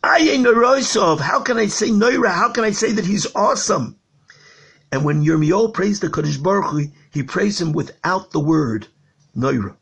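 A man's voice: high-pitched, animated, moderate pace, vocal fry, a bit bright, husky. A rabbi giving an impassioned Torah lecture on prayer. He tells a parable and stretches key words for emphasis. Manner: storytelling with a parable.

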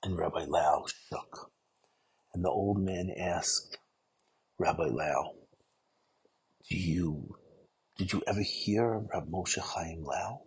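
A man giving an earnest storytelling sermon, often dropping to a hushed voice at the emotional moments. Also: low voice, takes it slowly, long pauses, husky, rough recording.

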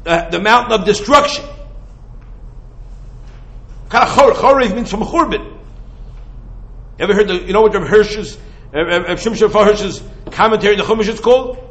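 A man teaching Torah in a lively lecture. He fires off rhetorical questions and mixes Hebrew and Yiddish terms into casual English. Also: high-pitched, moderate pace, pauses often, low-quality recording. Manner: animated, full of rhetorical questions.

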